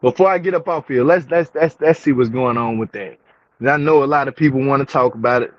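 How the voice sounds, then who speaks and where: Speaking quickly at medium pitch, a young man records a casual slang-filled commentary vlog on reality TV for his viewers. His frustration rises and he repeats himself to drive points home. The audio is a dull, dry, lo-fi home recording.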